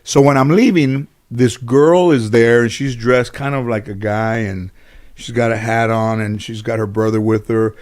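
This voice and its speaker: Here a man with a mid-range voice talks at a moderate pace as a casual interview guest. His anecdotes run long and loose, with plenty of fillers and restarts, and he becomes lively when acting out others' words.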